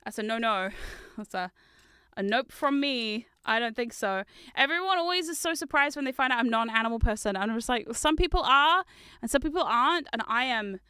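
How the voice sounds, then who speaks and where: A woman streaming from her desk in casual chat, giggly and chatty with loud squealing exclamations, on a close microphone. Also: fairly high pitch, expressive, fairly quick, smooth, no room sound. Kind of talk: casual chat while building.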